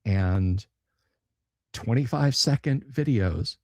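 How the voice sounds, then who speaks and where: A man's voice: medium pitch, lively intonation, slow pace, darkish tone, no room sound, clean studio sound. A man hosting a casual livestream chat for his tabletop gaming channel, blunt, sarcastic and profane.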